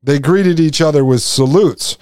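A man's voice: on the high side, unhurried, darkish tone, no room sound, studio quality. A man hosting a podcast, reading passages aloud and breaking off into folksy, sarcastic asides to his listeners. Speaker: podcast host.

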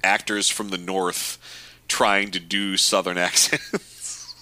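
A man co-hosting a podcast in casual chat, wry and quick, laughing between points. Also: low-pitched, little pitch movement, pushed and bright. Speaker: podcast co-host.

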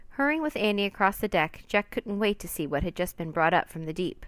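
A woman narrating a children's storybook in a steady, even reading. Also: mid-range voice, brisk, no echo.

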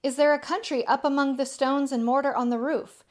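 A witch queen who soothes and mocks at once, pitched higher than a plain speaking voice, as a woman reads her out. Her coaxing, half-teasing tone never lets go. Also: fairly even intonation, fairly quick, close to an everyday voice. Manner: soothing, half-mocking storybook reading. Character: sweetly mocking enchantress queen, coaxing.

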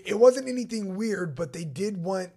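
A man guesting on a podcast, chatting casually with crude jokes and quick agreement. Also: high voice, animated, gravelly, mellow. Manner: jokey, crude, eager agreeing. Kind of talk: casual chat.

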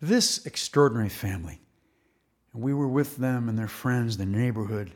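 A man presenting broadcast commentary in a deliberate, measured way. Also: mid-range voice.

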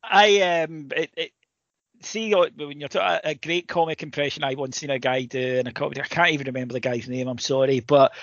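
A man's voice: on the high side, fairly even intonation, brisk, fairly bright tone, no echo. A man co-hosting a comedy podcast, swearing and laughing a lot in casual chat. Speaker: podcast co-host. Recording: dull, dry sound.

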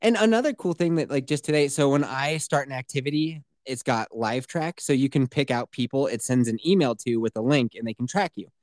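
A man in his thirties co-hosting a casual podcast, animated and swearing, putting on voices when he quotes things. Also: medium pitch, a little fast, hardly any pauses, no echo, clean studio sound. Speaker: podcast co-host. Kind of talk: casual chat.

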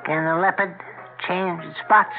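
High slow-talking western hustler, salesy and wheedling, tinny radio with music under it. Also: male voice, fairly even intonation. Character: wheedling frontier swindler pitching a scheme. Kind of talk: 1940s radio acting.

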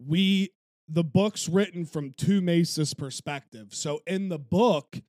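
A man in casual podcast chat who stumbles and restarts as he talks. His voice sits on the high side. The recording is close and dry. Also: takes it slowly, darkish tone, no echo. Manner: stammering, hesitant restarts. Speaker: podcast co-host.

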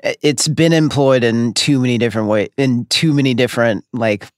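A young man of middle pitch co-hosts a laid-back sports chat. He talks with a dry wit and fills his sentences with "I mean". The recording is dry and close. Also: fairly quick, dry recording. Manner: dry wit, relaxed, many fillers like "I mean". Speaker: podcast co-host.

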